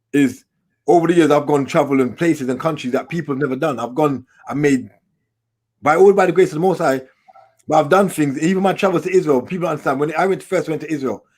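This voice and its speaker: A man's voice: fairly high pitch, quick pace. A middle-aged man, guest in an interview, telling his stories in casual street slang. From England. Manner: street slang, animated storyteller. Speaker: documentary filmmaker, guest.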